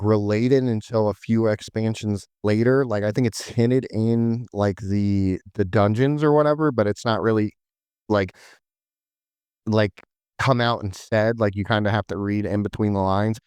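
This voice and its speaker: A man's voice: lowish voice, fairly even intonation, measured pace, a little mellow, clean tone, dry recording. A man hosting a casual podcast chat, rambling through game lore with lots of "like" and "um". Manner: rambling, full of "like" and "um".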